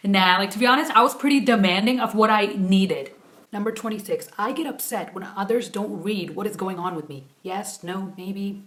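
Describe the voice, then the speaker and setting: A woman's voice: mid-range voice, normal speed. Chatty young woman rambling through a quiz. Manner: animated rambling rants, soft hushed quiz questions. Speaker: YouTuber. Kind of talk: casual vlog chat, taking a quiz.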